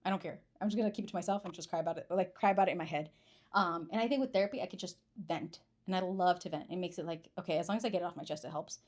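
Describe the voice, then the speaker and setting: Fast-talking young woman, chatty and rambling. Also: lowish voice, darkish tone. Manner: chatty, rambling, self-deprecating. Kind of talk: casual chat.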